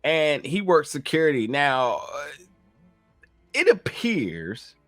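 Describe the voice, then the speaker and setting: A man's voice: a little high, slow pace, dry recording, faint music behind. A man with a Southern US accent recapping a TV episode in casual chat, acting out lines and padding with fillers. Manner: animated, acts out quotes, frequent fillers. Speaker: podcast co-host reviewing a TV episode.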